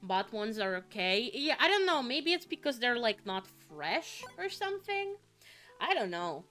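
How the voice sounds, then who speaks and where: Her voice sits on the high side, sing-song and sharp, as this young Finnish vtuber chats at a measured pace during a game stream. She rambles with frequent fillers, a slight sniffle, and abrupt swearing, while faint music plays behind her.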